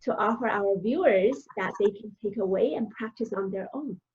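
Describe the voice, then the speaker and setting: A woman's voice: medium pitch, normal speed. A woman hosting an interview on a video call, speaking in an encouraging way with frequent fillers. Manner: warm and encouraging, with many fillers. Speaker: host. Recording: dull, lo-fi video call audio.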